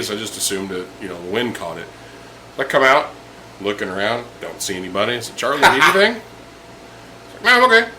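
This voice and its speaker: A man's voice: fairly low pitch, pushed and bright, a little hiss or hum, poor audio. A young man casually telling a profane story over drinks, acting out the people in it. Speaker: podcast host.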